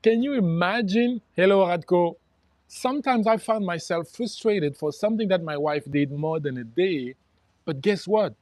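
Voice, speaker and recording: A man's voice: sits high, moderate pace, darkish tone, no echo. Reflective male life coach, close and dry. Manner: reflective, greets viewers by name, frequent restarts. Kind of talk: casual livestream talk.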